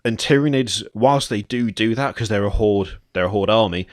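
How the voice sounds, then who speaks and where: A man with a fairly low voice explains game lore at length on a podcast, keen and talkative. The recording is dry and close. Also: moderate pace, no room sound. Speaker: podcast co-host. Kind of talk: casual gaming chat.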